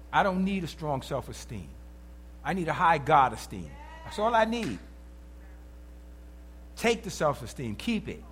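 A man preaching with a high voice that leaps up and down in pitch. He talks in an emphatic, animated way. He keeps checking in with his listeners as he teaches. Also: a little hiss or hum. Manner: animated, emphatic, calls out to the congregation. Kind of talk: sermon.

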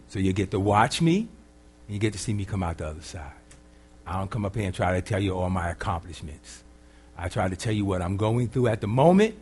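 Male pastor, husky voice, preaching sermon, dynamic, loud then soft, conversational. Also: on the low side. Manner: dynamic preaching, swinging from loud emphatic lines to quiet asides; casual, conversational, humorous.

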